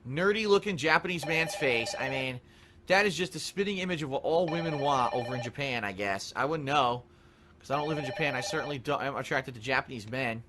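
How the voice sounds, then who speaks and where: A man dropping into a low, self-satisfied put-on voice, playing a vain man admiring his own face. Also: fairly quick, crowd noise, close to an everyday voice. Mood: smug. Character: smug deep-voiced man admiring himself.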